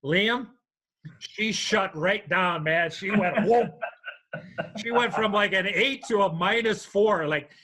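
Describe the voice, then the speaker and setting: An older man co-hosting a sports podcast, telling a long anecdote in an animated way and acting out the voices in it. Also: high voice, takes it slowly, low-quality recording. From United States. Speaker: podcast co-host. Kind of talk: storytelling in casual chat.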